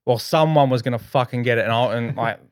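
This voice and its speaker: A man's voice: mid-range voice, fast talker, clean tone, no room sound, studio quality. Swearing Australian man telling a story. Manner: animated, heavy swearing, acts out his own quotes. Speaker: podcast co-host. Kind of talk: casual podcast storytelling. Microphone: podcast microphone.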